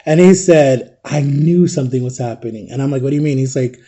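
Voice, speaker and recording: A man's voice: medium pitch, brisk, mellow. A young man casually telling a personal story, acting out what others said and often checking in with "right?". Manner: chatty, acts out quoted dialogue, often tags "right?". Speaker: vlogger.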